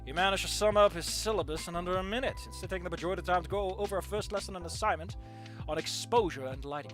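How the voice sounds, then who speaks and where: A streamer reading a visual novel aloud and commenting along with it, with animated, jokey reactions and loud squeals. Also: mid-range voice, very fast, faint music behind.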